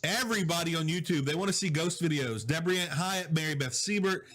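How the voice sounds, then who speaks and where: A chatty man from Southwest Louisiana hosts a casual live stream from his home office as a digital host, greeting viewers and reading out their comments. His voice is fairly high, a bit bright, and fairly quick, with soft music behind him. His mic is low in volume and has problems.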